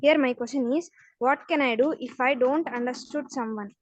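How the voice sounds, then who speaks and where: A woman's voice: high-pitched, normal speed, dull audio. A female student asking a prepared question from away from the microphone.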